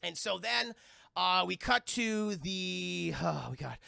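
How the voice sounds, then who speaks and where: A man recaps a film live to his chat, rambling and swearing. His voice is bright and heavily gravelly, recorded close and dry. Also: sits high, lively intonation, takes it slowly, dry recording. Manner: profane, rambling, talks to chat, breaks into yelling character bits. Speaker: streamer reviewing a film. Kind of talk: casual live-stream recap.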